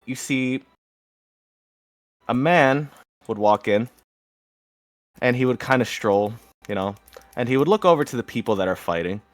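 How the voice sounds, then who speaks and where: A young man running a tabletop game as game master, telling the scene in a lively way. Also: mid-range voice, measured pace, long pauses, no room sound. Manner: lively storytelling, slips into character voices.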